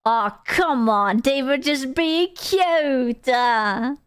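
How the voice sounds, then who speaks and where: A young woman streamer with a high, clear, smooth voice, talking with her chat in an unhurried, teasing way. She swears freely and jokes around, close to a desk mic in a dry room. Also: dry recording. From Europe. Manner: crude, teasing and playful, laughs often. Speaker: VTuber streamer.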